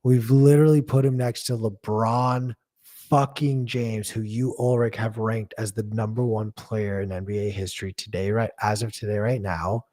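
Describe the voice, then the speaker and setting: A man with a low voice hosts a casual sports chat. He talks bluntly and swears, ranting and laughing at his own jokes. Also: little pitch movement, moderate pace, warm tone. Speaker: podcast co-host.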